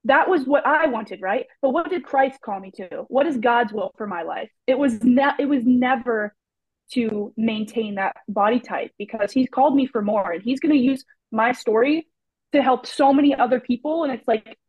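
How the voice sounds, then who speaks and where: A woman's voice: on the high side, normal speed, husky, no echo. Candid young woman, dull dry sound. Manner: candid, chatty, frequent "like" and "you know". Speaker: guest, personal trainer. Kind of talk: casual podcast chat.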